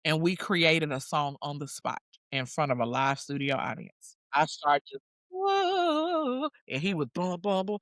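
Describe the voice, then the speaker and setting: A woman's voice: deep voice, moderate pace, dry recording. A woman guest telling a story in casual, slangy talk, acting out what people said. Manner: animated, slangy storyteller who acts out quotes. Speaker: guest singer-songwriter.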